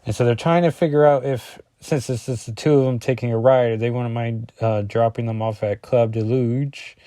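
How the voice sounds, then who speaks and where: A man's voice: medium pitch, steady tone, moderate pace, dark tone, dry recording. A man casually reviewing a comic book page by page, rambling and often correcting himself with lots of ums.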